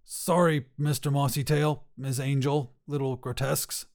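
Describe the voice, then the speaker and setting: A man voicing a forceful male leader of a village mob. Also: mid-range voice, little pitch movement, a little slow, lightly acted. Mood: apologetic.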